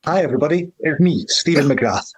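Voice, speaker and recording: A man's voice: a little high, animated, brisk, slightly rough, rough recording. A man with a Scottish accent presenting a playful, cheeky promo segment. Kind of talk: comic promo read.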